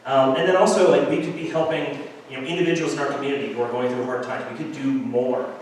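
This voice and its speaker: A man speaks to a gathered crowd, asking them to donate in a loose, rambling way full of ums and restarts. His voice sits at an ordinary middle pitch and is picked up from a distance. It rings through a large, echoey hall, with faint noise underneath. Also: fairly even intonation, quick pace. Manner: rambling, many fillers and restarts. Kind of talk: casual unscripted appeal. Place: large hall at a community assembly.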